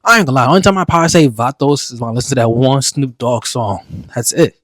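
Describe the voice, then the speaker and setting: A man's voice: mid-range voice, quick pace, dry recording. A man hosting a reaction video, giving casual, candid commentary in a laid-back, conversational way.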